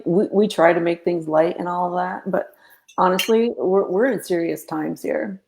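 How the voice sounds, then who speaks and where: A woman hosting a spiritual podcast, speaking earnestly with halting restarts. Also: lowish voice, gravelly, darkish tone. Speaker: podcast host. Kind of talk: casual spiritual podcast chat.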